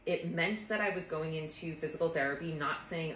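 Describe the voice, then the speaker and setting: A woman's voice: low-pitched, fairly quick, fairly bright tone, roomy sound, a little hiss or hum, rough recording. A woman therapist telling a personal story in a casual, earnest, reflective way, often saying "like". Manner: earnest, reflective, frequent "like" fillers.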